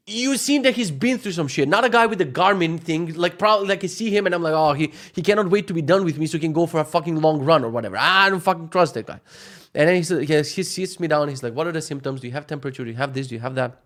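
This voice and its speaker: A young man telling a story in a casual vlog, animated and profane, acting out what others said in shifting voices. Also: on the high side. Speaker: vlogger.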